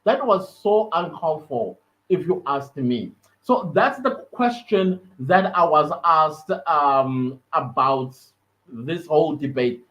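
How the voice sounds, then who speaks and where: A man's voice: a little high, lively intonation, slow pace, a bit bright. A South African man hosting a podcast, giving an earnest, emphatic solo commentary that repeats words for stress. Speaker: podcast host. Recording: slightly dull lo-fi audio.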